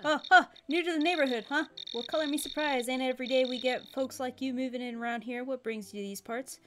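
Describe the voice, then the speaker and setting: A woman's voice: high-pitched, fast, slight background noise, close to an everyday voice. A woman voicing a chatty southern country man full of homespun sayings, read aloud from a video game. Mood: folksy. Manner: drawling homespun sayings, upbeat.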